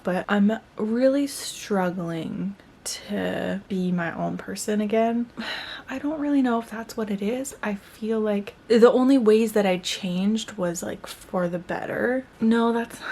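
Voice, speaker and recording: A woman's voice: mid-range voice, a little mellow, a little hiss or hum. A young woman and new mom talking casually to the camera at home in a rambling, chatty vlog full of fillers. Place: at home indoors. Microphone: camera-mounted mic.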